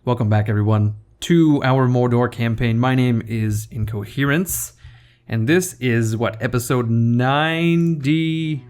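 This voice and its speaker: A man's voice: mid-range voice, a little slow, darkish tone. A young man giving casual, rambling game commentary, joking and self-deprecating as the host. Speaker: gaming video host.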